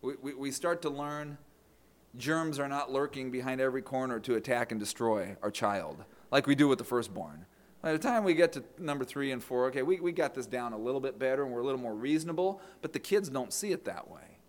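With a mid-range voice and a fairly quick pace, this middle-aged pastor tells family stories during his sermon. He acts out what people said and repeats words as he restarts ideas.

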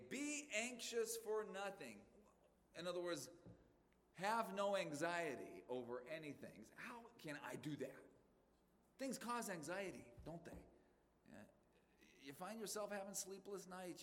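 Folksy pastor preaching in a reverberant hall. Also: male voice, fairly high pitch, a bit bright. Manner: folksy, conversational, addresses congregation directly. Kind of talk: sermon. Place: church sanctuary.

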